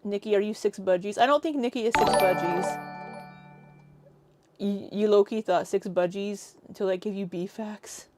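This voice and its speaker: A woman's voice: medium pitch, normal speed, darkish tone, soft background music. Sarcastic, chatty woman commentator. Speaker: reaction streamer. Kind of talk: casual commentary over clips.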